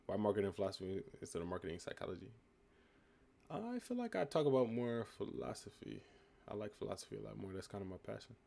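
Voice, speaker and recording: A man's voice: on the low side, quick pace, vocal fry. A nineteen-year-old man from the United States, chatting casually on a livestream and answering viewers' comments as he reads them. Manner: relaxed, reading chat comments aloud and answering them. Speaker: livestream host. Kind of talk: casual live-stream chat answering comments.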